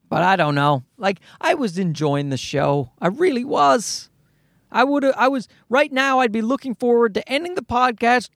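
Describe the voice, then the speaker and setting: A podcast host rants casually in a mid-range, fairly bright voice, swearing often and restarting sentences again and again. The studio-quality recording has no room sound.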